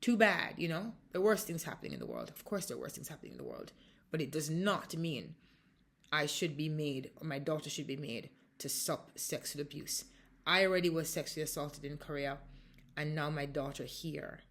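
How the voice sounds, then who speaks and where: A woman from the United States with a low voice recounts a painful dispute as a mother. Her delivery is impassioned and halting, full of restarts and repeated words. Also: big pitch swings, vocal fry, a bit bright. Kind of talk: emotional personal account.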